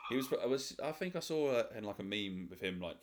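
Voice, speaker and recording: A man's voice: fairly low pitch, lively intonation, background noise. A man hosting a casual podcast chat, laughing and bantering with his guests. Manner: laughing, swearing, quick banter. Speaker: podcast host.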